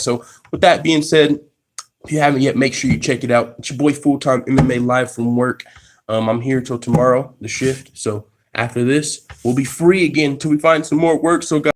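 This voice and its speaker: Excitable slangy man hosting an MMA stream. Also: medium pitch. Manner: profane slangy storytelling; excitable, restarts sentences. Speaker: MMA channel host. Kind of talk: casual live-stream reaction. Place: at his workplace.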